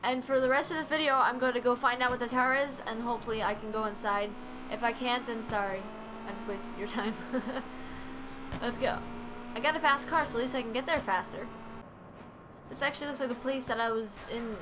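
A woman's voice: on the high side, fairly even intonation, brisk, background noise. A woman casually commenting as she plays a video game, chatty and giggly, often laughing and breaking into playful exclamations. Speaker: gaming channel host. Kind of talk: let's play commentary.

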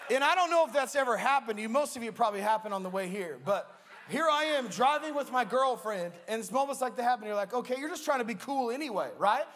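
A young male pastor preaching with an unusually high voice. He is playful and animated, and he acts out a comic story from his own life with plenty of energy. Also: quick pace. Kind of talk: sermon with humorous storytelling.

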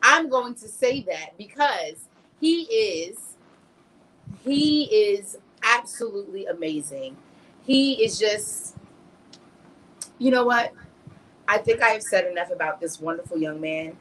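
A woman hosts a poetry show with energetic enthusiasm. She introduces her guest and rallies the audience. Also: mid-range voice, slow pace, pauses often, rough recording. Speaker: show host.

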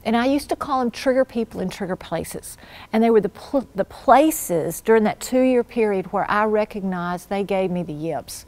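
A woman giving a personal faith testimony at church, telling her story earnestly and dropping to a hush when she quotes her prayers. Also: mid-range voice, animated, moderate pace.

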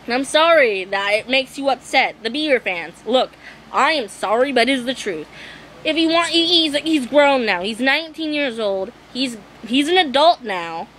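High-voiced young woman ranting to camera. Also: lively intonation, normal speed, fairly bright tone, slight background noise, low-quality recording. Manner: exasperated, swearing, apologetic. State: losing her voice. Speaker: vlogger. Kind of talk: ranting vlog monologue.

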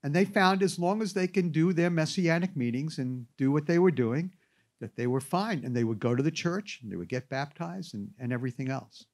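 A man's voice: a little high, a little fast. A man giving an anecdotal classroom lecture, telling stories with wry asides. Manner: animated storyteller with wry asides.

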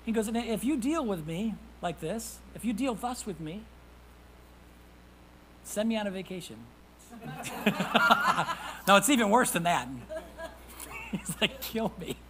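A man preaching a sermon as pastor. He reads scripture aloud, calls out to the congregation for responses, and swings from hushed whispers to loud emphasis. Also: sits high, animated, takes it slowly, long pauses, slight background noise, poor audio. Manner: reads scripture in old-fashioned wording.

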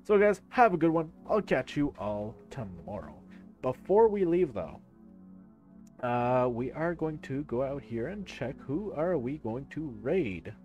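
A man's voice: medium pitch, a little slow, dull audio, faint music behind. Chatty male streamer signing off. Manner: animated, chatty, swears casually. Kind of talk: casual live-stream sign-off.

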